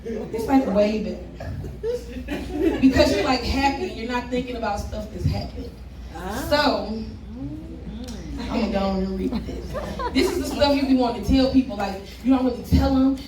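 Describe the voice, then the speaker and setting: This woman's voice sits on the high side and keeps a normal speed as she performs spoken word poetry at a live event. Her delivery is rhythmic, blunt, and profane, broken by laughing asides to the audience, all captured on a distant mic in an echoey, noisy room.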